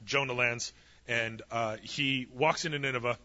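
A man's voice: mid-range voice, steady tone, normal speed, sharp tone, dull audio. A man preaching a sermon, retelling a story with humorous asides and acting out the voices in it. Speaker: pastor.

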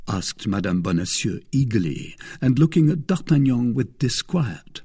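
A man reading a classic novel aloud, his voice mellow and lightly husky. He narrates in a measured, expressive way, with animated rises and falls across each sentence. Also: fairly low pitch. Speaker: audiobook narrator. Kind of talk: scripted narration.

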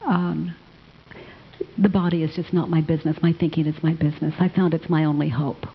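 A woman answers questions from a live audience. Her voice is husky and her manner is gentle and affectionate. The recording sounds dull and lo-fi. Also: sits low, flat delivery, brisk. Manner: gentle, affectionate, calls people honey. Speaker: self-inquiry teacher.

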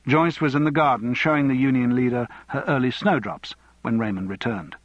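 A man narrating an audiobook novel in a measured, even way. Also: mid-range voice, no echo, highs cut off.

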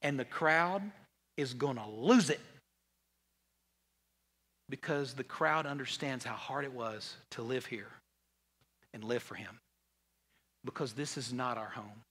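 A man preaching a conversational, joking sermon, full of restarts and repeated words, and going low and quiet when he quotes Jesus. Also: slow, long pauses, husky. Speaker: pastor. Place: large church hall. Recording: long hall reverb.

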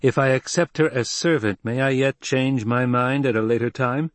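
Homme qui fait un jeune héritier noble et maîtrisé. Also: male voice, mid-range voice, steady tone, normal speed, no echo, pitched above the performer's own voice, natural voice. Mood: controlled. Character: young noble heir, calm, controlled.

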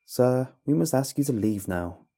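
A man doing a calm, blank female flight attendant. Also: medium pitch, a little slow, breathy edge, faint music behind, pitched above the performer's own voice. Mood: calm, firm.

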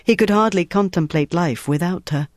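An audiobook narrator reads a novel in steady, scripted storytelling. The voice is medium-pitched at a normal speed, with clean studio sound and no room noise.

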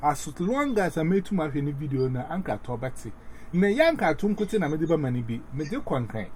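Man talking casually with lots of fillers and restarts, warm voice, light noise behind. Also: a little high, big pitch swings. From Ghana. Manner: rambling, halting, many fillers and restarts. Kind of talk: casual chat.

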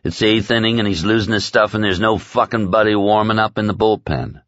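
A man's voice: on the low side, a little fast, fairly bright tone, no echo, highs cut off, close to an everyday voice. A man reading aloud and voicing a crude, boozy male henchman who talks in a rambling, profane, folksy way. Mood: griping.

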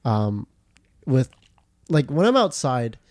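A man's voice: medium pitch, sing-song, slow pace, a little mellow, no room sound, studio quality. Rambling young man on a podcast. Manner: rambling, filler-heavy, many restarts. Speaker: podcast co-host. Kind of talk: casual chat.

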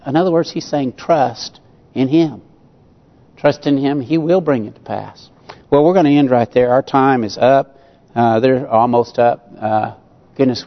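A male pastor preaches an earnest sermon, drawing out quoted prayers slowly for emphasis and chuckling between points. His middle-pitched voice carries a long church-hall reverb. The recording sounds a little dull and muffled.

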